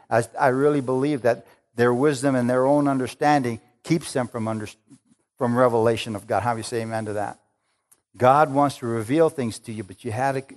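A middle-aged male pastor preaching a sermon, emphatic and conversational, often asking the congregation for an amen. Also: mid-range voice. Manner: emphatic, calls for amens, acts out Jesus with excitement.

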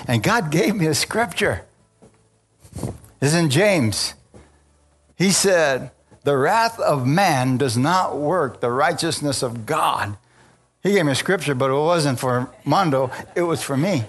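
A man preaching and telling his own conversion story, calling out to the congregation as he goes. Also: medium pitch. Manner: animated storyteller, calls out to congregation. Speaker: preacher giving a testimony. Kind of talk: sermon testimony.

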